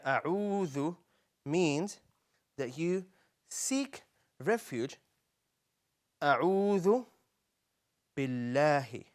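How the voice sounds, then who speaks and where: A man teaching children on a live show, with a slightly high voice. He coaxes and cheers the kids along and repeats key words slowly. His delivery is lively and encouraging. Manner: animated, coaxing, repeats words for young learners. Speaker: Quran teacher.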